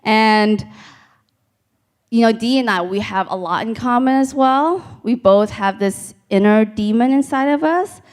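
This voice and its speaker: Slow, deadpan woman doing stand-up. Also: a little high. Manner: deadpan storytelling with crowd asides. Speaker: stand-up comedian. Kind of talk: stand-up comedy set. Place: live comedy stage before an audience.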